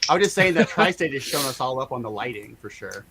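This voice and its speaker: A man chatting as a guest on a casual video call, joking in a dry, deadpan way. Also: medium pitch, fast, slight background noise.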